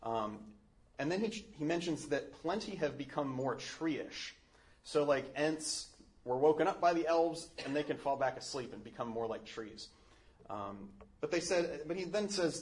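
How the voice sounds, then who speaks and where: A man's voice: mid-range voice, lively intonation, normal speed. A Catholic man giving a casual teaching talk. He speaks in a thoughtful, earnest way, with many "um"s and restarts.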